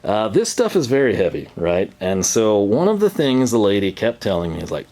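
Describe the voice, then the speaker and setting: Deep-voiced man telling a story. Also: wildly swooping pitch, moderate pace, few pauses, warm tone. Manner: rambling, laughs often, acts out quoted voices. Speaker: channel host. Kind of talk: casual storytelling vlog.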